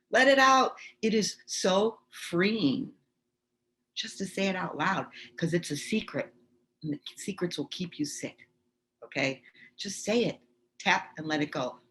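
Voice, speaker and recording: A woman's voice: low-pitched, slight background noise. A woman leading a live online tapping workshop, chatty and reassuring, demonstrating as she talks over a video call. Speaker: tapping instructor.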